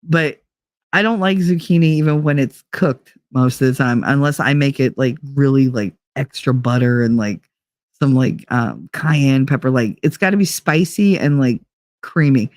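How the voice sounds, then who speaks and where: A woman's voice: very deep voice, normal speed, darkish tone, no room sound, clean studio sound. A woman hosting a podcast, telling a story in casual chat, rambling and full of fillers. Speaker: podcast host.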